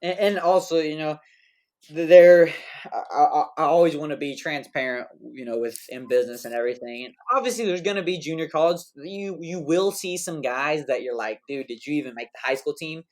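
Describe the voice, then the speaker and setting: A man's voice: a little high, moderate pace, a little mellow. A man hosting a podcast in casual chat, rambling and slangy, with many fillers and restarts. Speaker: podcast host.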